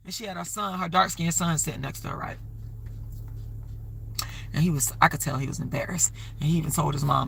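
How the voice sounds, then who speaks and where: A woman's voice: low-pitched, brisk, gravelly, long pauses, fairly bright tone, breathy edge. A woman hosting a live stream, talking casually and rambling, often stopping to ask for donations. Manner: rambling, conversational, keeps plugging donations. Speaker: livestream host.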